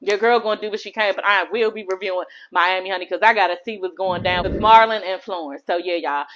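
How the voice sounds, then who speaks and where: A woman's voice: mid-range voice, fast, fairly bright tone, dull audio. A woman recapping a reality TV episode in a casual vlog, sassy and profane, gossiping animatedly to her viewers.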